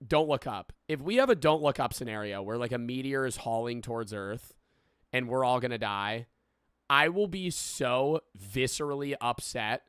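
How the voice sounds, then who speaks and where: A man's voice: mid-range voice, expressive, normal speed, a bit bright, clean tone, no echo, studio quality. A man in his twenties reacting to a video, rambling and swearing with laughing asides. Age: 20s. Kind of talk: casual reaction commentary.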